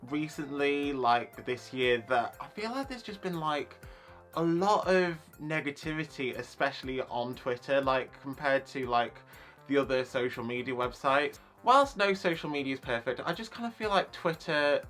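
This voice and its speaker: Casting: young man, YouTuber, casual rant, bright forceful voice, faint music bed. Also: on the high side, expressive, normal speed. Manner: chatty, lots of likes and you knows.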